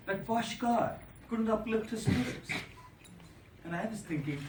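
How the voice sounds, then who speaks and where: A man speaks as a monk giving a motivational talk. He tells an anecdote with lively rhetorical repetition. The sound is roomy and distant, with a noisy echo from a large hall. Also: a little high. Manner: animated storyteller with rhetorical repetition. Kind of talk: motivational speech with storytelling. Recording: echoey hall from a distant mic.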